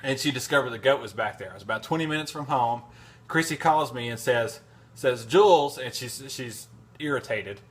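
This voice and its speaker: Male vlogger, casual storyteller, average pitch, loose and rambling with lots of restarts. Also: brisk, a bit bright. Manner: rambling, folksy anecdote with frequent restarts and fillers.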